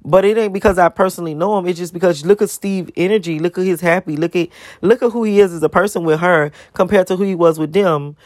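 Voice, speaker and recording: A woman's voice: on the low side, fast talker, a little mellow, dry recording, clean studio sound. A woman vlogger ranting to her viewers, emphatic and profane, firing off one rhetorical question after another. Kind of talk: ranting monologue to camera.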